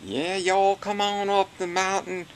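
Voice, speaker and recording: A man imitating an easygoing rural landowner, male, with a West Virginia twang, speaking higher and slower than his own voice. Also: little pitch movement, slight background noise, rough recording. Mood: folksy.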